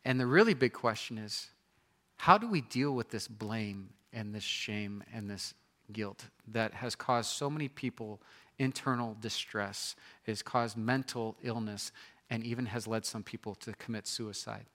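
A man's voice: fairly low pitch, unhurried, a bit bright. A man preaching a sermon in an earnest, questioning manner. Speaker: pastor.

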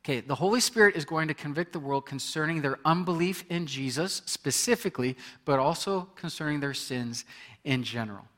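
A man's voice: on the high side, fairly quick, a bit bright. Conversational male pastor preaching. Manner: conversational preaching, reading scripture aloud with frequent restarts. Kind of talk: sermon.

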